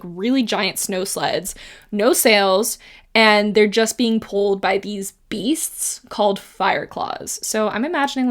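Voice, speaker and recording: A woman sums up a book for her channel in a loose, chatty way. Her pitch sits at a middling level for a woman, and her talk is full of "like" fillers and quick laughs. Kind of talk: casual book recap.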